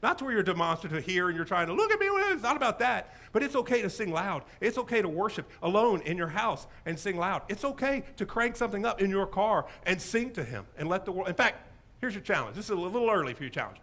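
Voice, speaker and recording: A man preaching a sermon as pastor, animated and humorous, with lots of enthusiasm. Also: sits high, fast.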